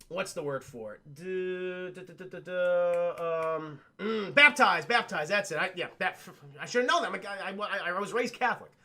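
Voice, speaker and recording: Brief: male streamer, high, bright tone, rambling and profane, chatting with viewers. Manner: rambling, profane, animated retelling with quick asides to chat. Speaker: streamer reviewing a film with chat. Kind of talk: casual livestream chat.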